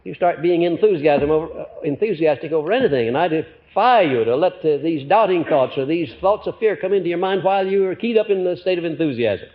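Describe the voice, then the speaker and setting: An older man gives a live motivational lecture to an audience, talking a little fast in a slightly high voice with few pauses. He's animated, swinging between loud, emphatic lines and quiet ones, and uses frequent fillers. The recording is a muffled one from the 1950s.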